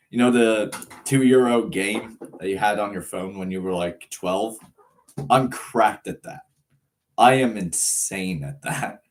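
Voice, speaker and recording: Though he's a nineteen-year-old from Ireland, his accent sounds American as he chats casually on a live stream. Laid-back and rambling, he reads comments aloud, laughs frequently, and pads his talk with fillers, his slightly low voice moving slowly and drawn out.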